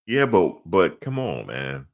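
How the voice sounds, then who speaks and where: A man's voice: deep voice, sing-song, slow. A man co-hosting a sports podcast in casual chat, slangy and laughing often.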